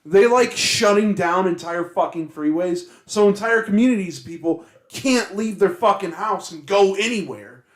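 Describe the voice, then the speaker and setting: A man's voice: sits high, animated, moderate pace, hardly any pauses. A man co-hosting a podcast, rambling in a laid-back way with lots of fillers and swearing. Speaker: podcast co-host. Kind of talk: casual chat. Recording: echoey room.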